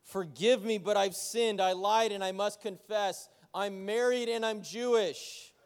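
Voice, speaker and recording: A man's voice: high voice, steady tone, measured pace, clear, resonant tone. A man voicing a hesitant, apologetic young driver in a joke. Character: nervous young male ride-share driver. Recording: long church hall reverb.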